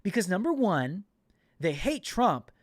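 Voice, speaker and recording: A man's voice: sits high, big pitch swings, measured pace, no echo, studio quality. A man hosting a political commentary podcast, talking in an indignant, emphatic way and often repeating words. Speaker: podcast host.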